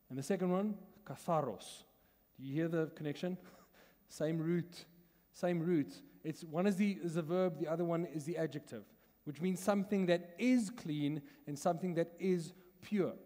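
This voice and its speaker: A man's voice: a little high, normal speed, dark tone. A man with a South African accent preaching a sermon in a conversational teaching manner, asking the congregation questions and laughing often, in a church hall. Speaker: pastor.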